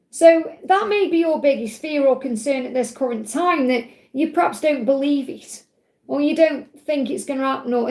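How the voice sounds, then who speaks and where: A woman with a high, gravelly voice gives tarot readings on a live stream. She talks in a chatty, reassuring way and keeps checking in with her listeners. The sound is echoey, as if she were recorded in a bare room. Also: darkish tone. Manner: chatty, reassuring, often adds "okay?". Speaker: tarot reader hosting a live Q&A.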